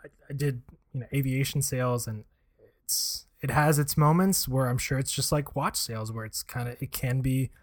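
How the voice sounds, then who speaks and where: A man's voice: mid-range voice, moderate pace. Rambling man full of fillers. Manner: rambling, lots of "like" and "you know" fillers. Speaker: co-host, former aviation salesman. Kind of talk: casual podcast chat.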